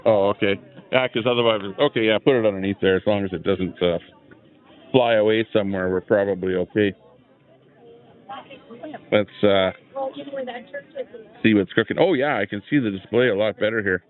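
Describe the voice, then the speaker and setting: A man's voice: on the low side, moderate pace, long pauses. A man hosting a live stream from a chair at an outdoor rally, chatting loosely and greeting viewers in the chat through a small clip-on mic. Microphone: small clip-on microphone. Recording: tinny phone-like lo-fi sound.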